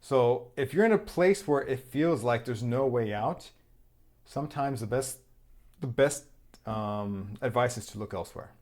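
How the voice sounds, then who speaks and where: Guy doing a laid-back tarot reading, mid-pitched voice, rambles and cusses a lot. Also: animated, unhurried, a little mellow. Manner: loose and rambling, swears freely, repeats phrases. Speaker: tarot reader. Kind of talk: casual spoken tarot reading.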